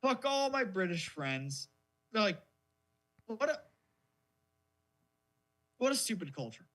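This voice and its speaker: A man's voice: high voice, sing-song, slow pace, long pauses, a bit bright. A man co-hosting a podcast in casual chat, ranting in a mocking, profane way. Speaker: podcast co-host.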